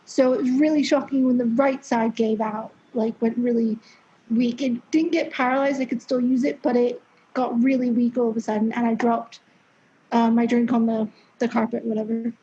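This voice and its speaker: A woman in her twenties, with a fairly high, warm voice and level tone, recounts her story at a moderate pace as a podcast guest. She's chatty and candid, using many fillers and some swearing, and the dull lo-fi recording carries slight background noise.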